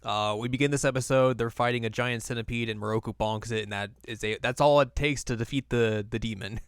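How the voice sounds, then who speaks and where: A man's voice: mid-range voice, steady tone, fairly quick, clear, resonant tone, dry recording, studio quality. A man hosting a casual anime recap podcast, jokey and laughing as he retells scenes. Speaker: podcast host.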